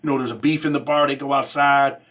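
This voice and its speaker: A man's voice: medium pitch, level tone, fast, a bit bright. A man hosting his own show, telling a story in a casual, streetwise, profane way and dropping "man" into nearly every phrase. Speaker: host.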